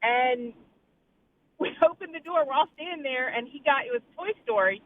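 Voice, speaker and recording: A male radio caller with a very high voice, rambling through a casual story. He is heard over a tinny phone line with a faint hiss behind him. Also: normal speed. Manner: chatty, rambling anecdote.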